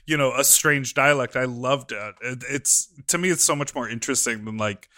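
A man's voice: mid-range voice, normal speed, bright, forceful tone. A man co-hosting a podcast, upbeat and gushing, laughing often. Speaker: podcast co-host. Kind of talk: casual chat.

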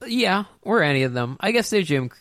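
A man in a casual podcast chat, thoughtful and questioning, speaking softly. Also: high-pitched, very animated, brisk, no echo, clean studio sound. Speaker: podcast co-host.

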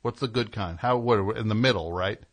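A man with a fairly low-pitched voice hosts a call-in radio show at a moderate pace. His casual talk is sardonic, rambling, and mock-indignant.

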